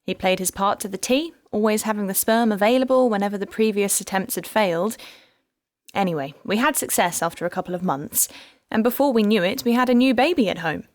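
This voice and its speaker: A woman's voice: medium pitch, brisk, no echo, clean studio sound, lightly acted. A woman voicing a rueful detective. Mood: wistful. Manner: wry, rueful storytelling. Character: bitter heartbroken woman police detective.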